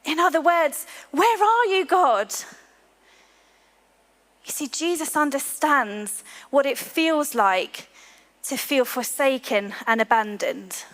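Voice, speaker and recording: A woman preaching a sermon to her church, earnest, slowing to a hushed voice on key lines. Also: sits high, lively intonation. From England. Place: large church hall. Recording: long hall reverb.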